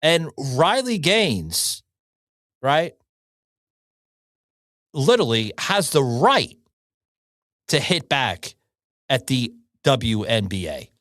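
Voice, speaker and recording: Extremely slow and full of pauses, a man with a medium-pitched, slightly bright voice swings widely in pitch as he hosts an opinion podcast. He rants heatedly, swears constantly and keeps pounding on short slogans, in studio-quality audio with no echo.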